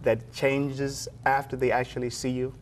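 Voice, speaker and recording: Brief: male interviewer, mid pitch, noisy background. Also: level tone, moderate pace. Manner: quiet, attentive, affirming.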